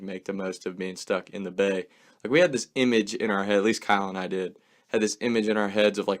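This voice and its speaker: A young man casually telling a story, swearing often and filling his speech with "like.". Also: on the low side. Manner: swears a lot, fills speech with "like".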